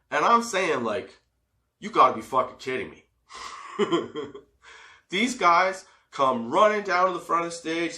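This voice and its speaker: A man in his forties telling a story for a comedy podcast, swearing freely and laughing as he goes. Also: on the high side. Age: 40s. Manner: profane, animated storyteller who laughs often. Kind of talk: casual storytelling. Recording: roomy echo.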